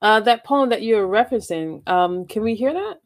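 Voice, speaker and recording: Lively woman interviewer. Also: medium pitch, normal speed, noisy background. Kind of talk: casual interview.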